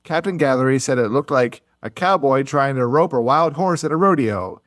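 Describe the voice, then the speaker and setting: A man co-hosting a podcast who tells a history story in a relaxed, playful way. He slips in goofy little whoops now and then. His voice sounds dry and close, with no room around it. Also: medium pitch, normal speed, no echo. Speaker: podcast co-host.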